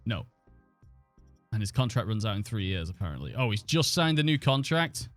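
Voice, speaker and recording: A man's voice: on the low side, big pitch swings, moderate pace, a bit bright, no echo, soft background music. A man chatting and thinking aloud as he streams a football management game, swearing now and then. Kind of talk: casual live-stream commentary.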